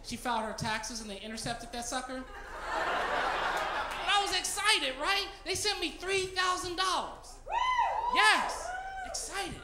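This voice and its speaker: A man's voice: very high voice, lively intonation, unhurried, long pauses, heavy background noise. A man doing a stand-up comedy set on a club stage, brash and teasing the audience, on a handheld mic. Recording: roomy club with loud crowd.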